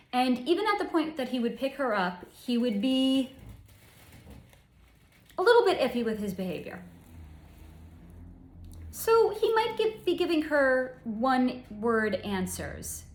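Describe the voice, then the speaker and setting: Woman, psychic reader, candid, curses freely, echoey room. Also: high-pitched. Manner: candid storytelling with frequent swearing. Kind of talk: solo spoken energy reading.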